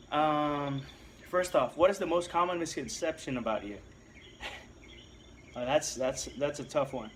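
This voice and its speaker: A man's voice: on the high side, slow pace, pauses often, fairly bright tone, a little hiss or hum. A man in his thirties from Puerto Rico, answering viewer questions in a casual vlog, rambling and self-deprecating with lots of restarts. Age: 30s.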